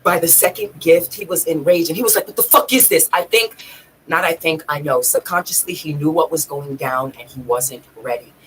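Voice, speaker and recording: A woman's voice: deep voice, moderate pace, slight background noise, poor audio. A woman vlogging, telling a personal story in a raw, emotional way, swearing freely and near tears at times. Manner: raw, profane, tearful at times.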